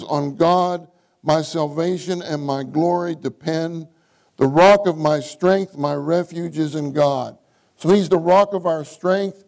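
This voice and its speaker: A middle-aged man preaching to his congregation, voice set a touch high for a man. He reads scripture aloud and keeps circling back to his key words, repeating them for weight. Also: darkish tone, low-quality recording. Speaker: church speaker. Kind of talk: sermon.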